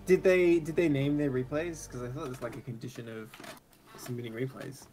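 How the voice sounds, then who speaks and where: An Australian man calls an esports match in a loose, joking way, reacting quickly to each moment. His pitch sits in an ordinary middle range. Faint music plays quietly under his voice. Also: steady tone, poor audio. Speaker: esports caster. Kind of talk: casual game commentary.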